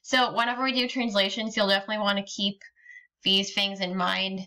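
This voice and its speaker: A woman's voice: mid-range voice, flat delivery, a little fast, pushed and bright. A woman teaching a recorded lesson, explaining patiently step by step with frequent ums. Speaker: Spanish teacher.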